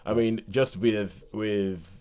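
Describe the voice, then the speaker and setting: A man from Nigeria co-hosting a podcast, chatting casually about films in a lively way and laughing often. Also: fairly low pitch, takes it slowly, clear, resonant tone. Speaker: podcast co-host.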